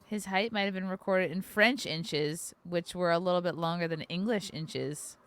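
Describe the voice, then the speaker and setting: A woman's voice: on the low side, normal speed. A woman hosting a podcast, reading facts aloud in casual chat and cracking crude jokes. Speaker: podcast host.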